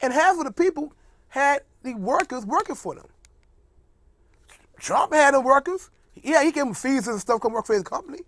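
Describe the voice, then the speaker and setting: A man's voice: extremely high pitch, expressive, moderate pace, pauses often, fairly bright tone, dry recording, studio quality. A man hosting a casual comedic monologue, joking and mocking as he rambles, laughing often. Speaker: host.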